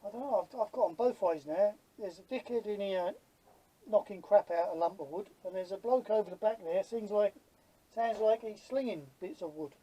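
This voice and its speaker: Poor audio captures a fiftyish London man with a Cockney accent nattering in his workshop as he builds models, cracking jokes, speaking bluntly and cursing freely. His voice sits high with a dark tone and normal speed.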